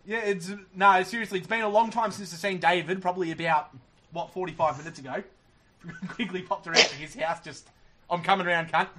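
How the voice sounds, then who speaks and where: Male podcast host, high voice, casual and profane, noisy line. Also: steady tone, a little fast, pushed and bright. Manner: swearing, laughing, rambling. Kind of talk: casual live podcast banter. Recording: background noise.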